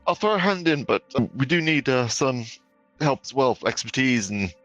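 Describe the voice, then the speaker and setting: A man's voice: medium pitch, animated, normal speed, a bit bright, no echo, muffled recording, soft background music. A man playing a tabletop role-playing game, hesitant and joking, with many fillers. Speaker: player.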